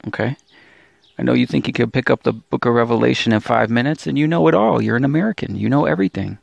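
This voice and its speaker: A medium-pitched voice with vocal fry belongs to a Bible teacher hosting a religious video channel, recorded dry. In an emotional monologue he sounds discouraged and pleading, repeatedly restarting with stammers and making repeated appeals.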